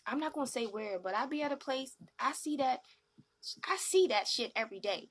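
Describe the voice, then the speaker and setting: A woman hosting a live-stream talk show, animated and slangy, often acting out what other people said. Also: high voice, brisk. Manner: animated, slangy, acts out quoted voices.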